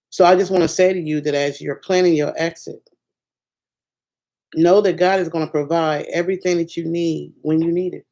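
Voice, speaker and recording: Low-voiced woman telling an emotional story. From Ohio, USA. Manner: emotional, lively storytelling with repeated restarts. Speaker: motivational speaker. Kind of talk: personal testimony, encouraging talk.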